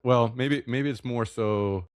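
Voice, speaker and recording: A man appearing as a podcast guest, speaking haltingly and searching for his words. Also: medium pitch, no room sound, studio quality. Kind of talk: casual chat.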